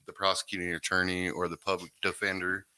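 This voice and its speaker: A man's voice: low-pitched, flat delivery, fast, pushed and bright, a little hiss or hum. A man, talking in a laid-back, rambling way as a guest recounting his recovery story. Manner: laid-back, rambling, lots of "you know what I mean". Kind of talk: casual interview chat.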